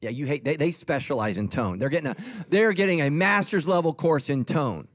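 A man's voice: fairly high pitch, animated, a little fast. A middle-aged man preaching a sermon as a pastor, humorous and conversational.

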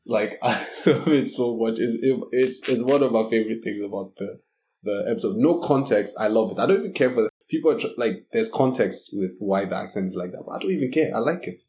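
A man chatting casually as a podcast guest, relaxed and hesitant, with many fillers. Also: on the low side, fairly quick. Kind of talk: casual chat.

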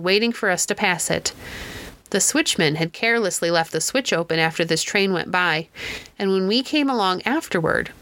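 A woman narrating a classic novel as an audiobook, in a steady, measured reading voice. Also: on the low side. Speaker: audiobook reader. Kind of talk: storybook narration.

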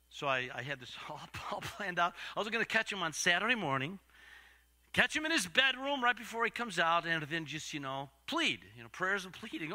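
A man's voice: high voice, lively intonation, brisk. Older male preacher, big dramatic swings. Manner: dramatic swings from loud to whispered. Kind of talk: storytelling sermon.

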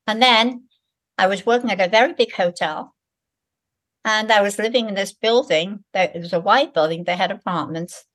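A woman in her eighties from Liverpool, a guest telling stories of her working life in a brisk, lively way. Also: mid-range voice. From Liverpool, England. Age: 80s. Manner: lively, brisk storyteller who acts out other people's lines. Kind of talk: conversational storytelling.

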